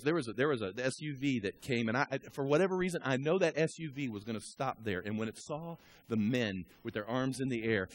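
Speaking in a mid-range voice, this man tells stories through his sermon, dropping to a near murmur one moment and shouting the next as he directly urges on the congregation.

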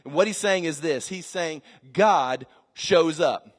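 A middle-aged male pastor with a high voice delivers a sermon in a large church. His voice swings between quiet asides and shouted scripture. A long reverb hangs after each phrase. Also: slow pace, breathy edge. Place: large church hall with live congregation.

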